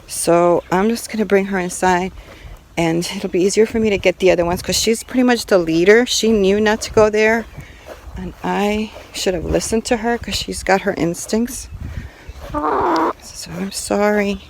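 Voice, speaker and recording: A woman's voice: medium pitch, moderate pace, creaky, slight background noise, poor audio. A woman talking casually to her viewers while walking around her rural property outdoors, filming herself. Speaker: homestead vlogger. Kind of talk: casual vlog to camera.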